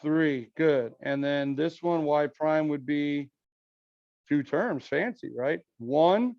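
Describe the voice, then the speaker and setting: A man's voice: fairly high pitch, slow, no room sound. A male math teacher lecturing a class, walking through each step and often checking in with "okay?" and "right?". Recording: dull lo-fi, dry sound.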